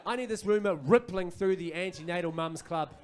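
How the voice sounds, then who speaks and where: Kiwi stand-up comic, thirties, animated storyteller, slightly high voice, live club mic. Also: male voice, brisk, a crowd in the background. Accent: New Zealand. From New Zealand. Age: 30s. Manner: animated, acts out kids and parents. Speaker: stand-up comedian. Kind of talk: stand-up comedy set. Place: comedy club stage.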